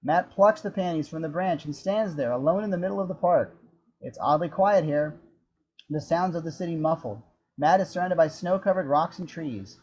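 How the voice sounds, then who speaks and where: A man narrating the action description of a screenplay in a steady, descriptive storytelling manner. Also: on the high side, moderate pace, muffled recording. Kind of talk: scripted narration.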